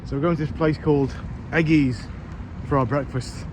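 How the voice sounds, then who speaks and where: A man's voice: fairly high pitch, steady tone, moderate pace. A man in a casual travel vlog, talking in a chatty, jokey, self-deprecating way, sounding tired. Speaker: vlogger. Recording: loud street and crowd noise.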